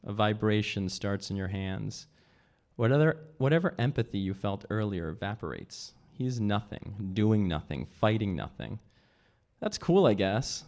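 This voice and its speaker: A man reading aloud from his own novel at a live event, measured, lifting his voice for the characters' lines. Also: a little mellow. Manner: measured, voices dialogue with pitch jumps.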